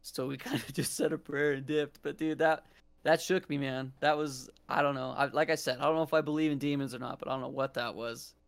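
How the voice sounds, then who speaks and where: A young man with a gravelly, fry-laden voice tells a story on his podcast. He talks in a loose, laid-back way, restarting his sentences and saying "dude" all the time. His pitch sits in a middle range. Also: fairly even intonation, fairly quick. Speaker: podcast host. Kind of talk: casual storytelling chat.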